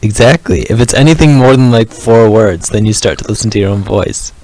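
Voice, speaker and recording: A man's voice: on the low side, brisk, warm tone. A male podcast co-host in casual chat, cutting in with wry, teasing remarks, on a slightly noisy home recording.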